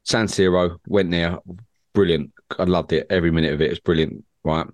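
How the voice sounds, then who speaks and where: A man's voice: sits low, steady tone, fairly quick, dry recording. A man co-hosting a football podcast, telling rambling stories in casual chat. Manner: rambling storyteller, laughs at own tales. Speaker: podcast co-host.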